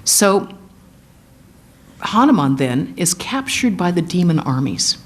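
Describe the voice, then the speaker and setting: A woman giving a sermon, retelling an epic as animated storytelling and acting out the quotes. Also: lowish voice, takes it slowly. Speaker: guest speaker, monastic.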